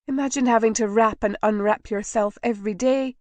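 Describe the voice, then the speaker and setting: A woman reading a spirited young lady in a storybook, with a slightly raised, brisk delivery. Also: fairly high pitch, steady tone, darkish tone, dry recording, natural voice. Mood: playful.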